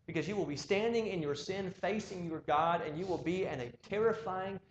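A man's voice: high voice, fairly quick, lo-fi sound, background noise. Earnest preacher man in a roomy church. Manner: earnest, urging, with repeated rhetorical questions. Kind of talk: sermon.

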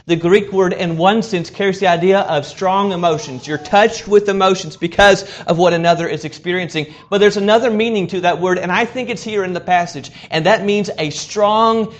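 A male preacher with a slightly higher voice delivers an earnest sermon. He swells to loud, emphatic lines and then drops to a soft hush.

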